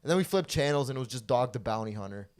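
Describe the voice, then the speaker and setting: A man hosting a podcast, telling a story in casual chat and loudly acting out the quotes, with plenty of swearing. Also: medium pitch, rapid-fire. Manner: profane, animated storyteller who acts out quotes loudly. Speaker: podcast host.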